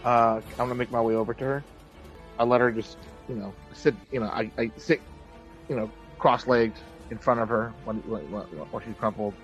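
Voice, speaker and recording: A man playing a tabletop game, asking quick questions and stumbling over his words. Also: medium pitch, dull audio, soft background music. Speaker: player.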